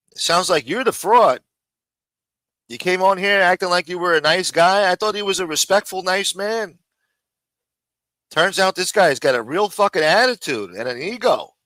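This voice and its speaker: A man's voice: high voice, sharp tone, dry recording, rough recording. A man hosting a live stream, ranting angrily and mockingly with a lot of profanity, talking around a throat lozenge. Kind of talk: heated live stream rant.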